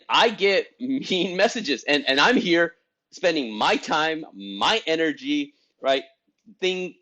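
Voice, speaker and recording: A man's voice: a bit bright, muffled recording. A man hosting a group for estheticians, giving a casual motivational talk that rambles, with frequent restarts and self-deprecating laughs. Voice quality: voice he calls high-pitched.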